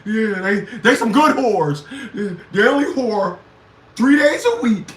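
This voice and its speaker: A man hosting a livestream, ranting crudely with loud laughs and shouted outbursts. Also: high-pitched, lively intonation, unhurried. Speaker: livestream show host. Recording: echoey room, far from the mic.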